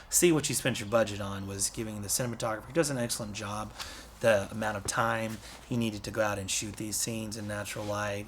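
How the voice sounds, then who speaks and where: A man talks through a film review in a loose, conversational way, circling back on himself with plenty of fillers. His voice sits at an ordinary middle pitch. A faint noise runs underneath. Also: a bit bright. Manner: rambling, conversational, many fillers and restarts. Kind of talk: casual spoken movie review.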